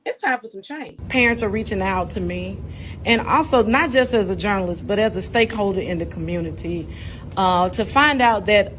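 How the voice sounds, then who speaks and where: A woman's voice: medium pitch, moderate pace, fairly bright tone, a little hiss or hum. A woman journalist giving outspoken, scolding news commentary full of rhetorical questions.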